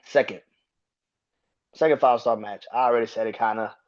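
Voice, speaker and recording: A man hosting a podcast, reviewing wrestling in a casual, profane rant. He keeps jumping into high-pitched outbursts. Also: fairly quick, muffled recording. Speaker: podcast host.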